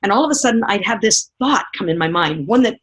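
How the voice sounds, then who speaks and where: Husky-voiced woman giving a motivational talk. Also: medium pitch, fast. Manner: animated storytelling, acting out remembered voices; asks the audience direct questions. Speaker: motivational speaker.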